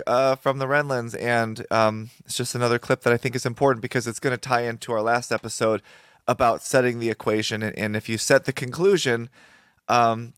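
A man's voice: medium pitch, fairly bright tone, no room sound, studio quality. A man in a casual discussion over a video call, emphatic and indignant. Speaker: podcast co-host.

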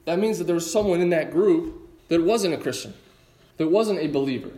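A man preaching a sermon in an animated, conversational way with casual asides. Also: a little high, fairly quick, reverberant. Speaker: pastor.

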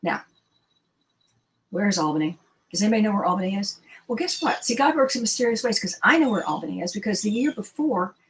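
A woman in a casual interview, emphatic and animated, firing off rhetorical questions. Her voice sits at an ordinary middle pitch, with a faint hiss of noise behind her. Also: rough recording. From Washington, D.C. area. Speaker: interview guest, surgeon.

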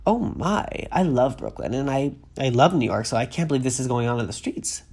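A woman's voice: rumbling low, lively intonation, a little fast, a little mellow, husky. A woman from Massachusetts, sniffly from a cold, reads a news article aloud and keeps breaking off into gushing asides and tangents. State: getting over a cold, sniffly. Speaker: vlogger. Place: at home with a pet on her lap.

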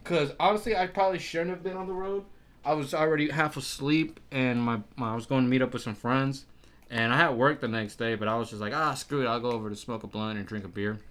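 A young man in his early twenties talks in relaxed podcast chat. His story runs on profanity and rising animation, with frequent laughs. His voice sits at an ordinary middle pitch for a man. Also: fast. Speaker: podcast guest.

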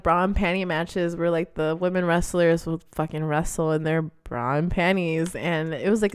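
A woman's voice: on the low side, smooth, no echo. A woman in her twenties telling candid stories in a casual monologue. She swears freely and laughs often. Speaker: vlogger.

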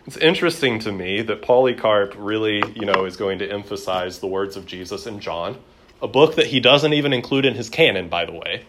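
A man's voice: lowish voice, a little fast, fairly bright tone, a little hiss or hum. A man teaching a church history class in a conversational lecture, with frequent fillers and repeated words.

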